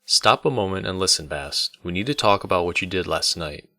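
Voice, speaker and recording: Calm serious innkeeper, low bright voice, dry sound, read by a man. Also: a little fast, no echo, heavily acted. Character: calm red-haired male innkeeper.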